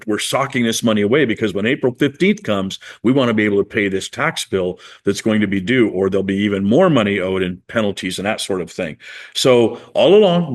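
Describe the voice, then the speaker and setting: A middle-aged male pastor telling a personal story in a sermon, his voice climbing high and loud as he reenacts an angry prayer.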